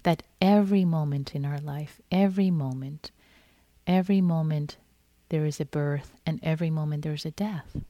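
A woman meditation teacher giving a gentle, repetitive dharma talk in which she acts out inner thoughts. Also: deep voice, moderate pace, no room sound, highs cut off. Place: meditation hall.

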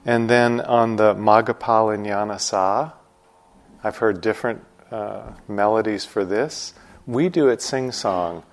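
A middle-aged man giving morning instructions at a meditation retreat, unhurried and gently joking as he explains a chant. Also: fairly low pitch. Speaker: meditation teacher.

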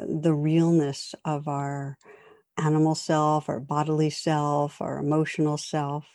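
Low, mellow woman teaching meditation. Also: no echo, clean studio sound. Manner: calm, reflective, tells gentle jokes. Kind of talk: dharma talk.

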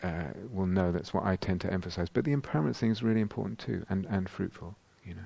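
A meditation teacher answers a retreat question in a man's low, gravelly voice, with a dry, close sound. He thinks aloud, restarts his sentences and searches for words as he goes. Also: quick pace, warm tone, dry recording. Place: meditation hall.

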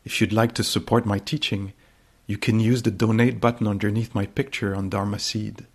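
Male teacher, low-pitched, slightly husky, brief courteous introduction. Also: little pitch movement, moderate pace. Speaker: meditation teacher. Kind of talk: recorded intro.

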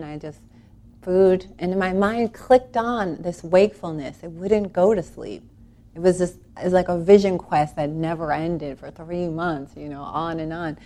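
A woman with a slightly low voice tells a personal spiritual story. She talks earnestly and with animation, wandering through restarts and breaking into laughs along the way. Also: warm tone. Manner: rambling, with many restarts.

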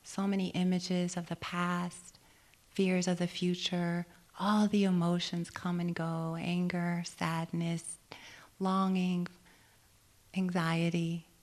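A woman meditation teacher giving a dharma talk on retreat, gentle and reflective, often asking questions and laughing easily. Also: fairly low pitch, completely flat delivery, a little slow.

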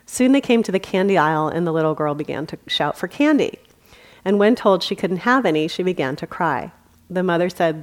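A woman meditation teacher giving a dharma talk at a meditation center. Her voice sits a little low, and her delivery is gentle and unhurried, with easy humor and laughter worked into the teaching. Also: animated. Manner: gentle and warm, with light humor and frequent laughter.

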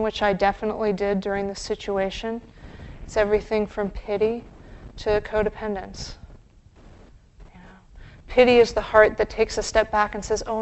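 A woman meditation teacher giving a dharma talk, gentle and reflective, with pauses. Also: mid-range voice, rough recording.

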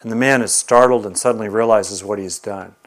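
A man teaching a meditation class, telling stories in a lively, animated way. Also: on the low side, a little fast. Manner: animated storyteller. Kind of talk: dharma talk with storytelling.

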